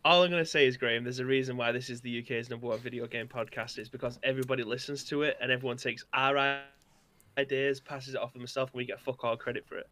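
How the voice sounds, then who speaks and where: Male podcast co-host, fast and sharp-toned, brash banter. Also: medium pitch, steady tone. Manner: brash, joking, swears. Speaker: co-host on a video game podcast. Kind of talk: casual live-stream banter.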